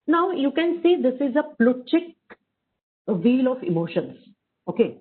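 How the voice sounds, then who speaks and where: Husky Indian woman lecturing over a call. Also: sits high, very animated, measured pace. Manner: explains by examples, mixes English and Hindi. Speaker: workshop speaker. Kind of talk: online lecture. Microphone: video call. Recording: tinny call audio.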